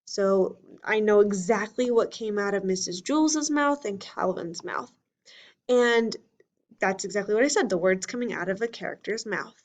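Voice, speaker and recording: A woman's voice: medium pitch, normal speed. A woman teacher giving a recorded lesson for children, explaining patiently step by step and reading lines from books aloud with expression.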